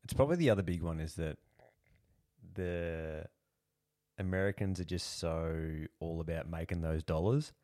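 A man's voice: low-pitched, moderate pace, a little mellow, dry recording, clean studio sound. A man with an Australian accent co-hosting a casual podcast, laid-back and blunt, swearing casually. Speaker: podcast co-host. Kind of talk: casual chat.

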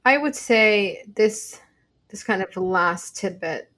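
A woman's voice: medium pitch, lively intonation, slow, fairly bright tone. Reflective woman in casual conversation.

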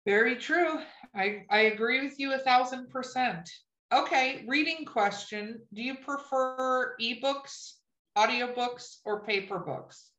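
A woman's voice: high voice, measured pace, a bit bright. A woman hosting a podcast, asking questions in an easygoing, agreeable way. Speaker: podcast host. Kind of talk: casual interview. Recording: roomy echo.

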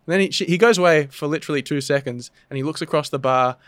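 A man in casual podcast chat, talking in an animated, sweary, joking way. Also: fairly high pitch, quick pace, no room sound.

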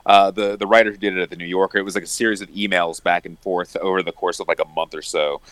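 A man's voice: sits low, steady tone, quick pace, a bit bright, no echo. A young man co-hosting a casual podcast chat, enthusiastic and laughing often as he recounts favourite scenes. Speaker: podcast co-host.

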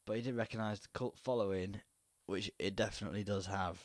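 A man's voice: on the low side, fairly even intonation, brisk, no room sound, studio quality. Easygoing man co-hosting. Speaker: podcast co-host. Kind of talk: casual chat.

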